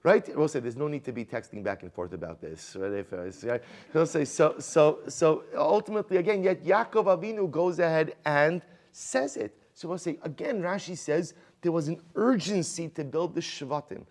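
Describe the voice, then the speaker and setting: A man teaching a Talmud class as a rabbi, conversational and animated, asking rhetorical questions and mixing in Hebrew and Aramaic terms. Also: fairly high pitch, moderate pace. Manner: conversational, many rhetorical "right?" questions and restarts; animated, swings loud and quiet for emphasis.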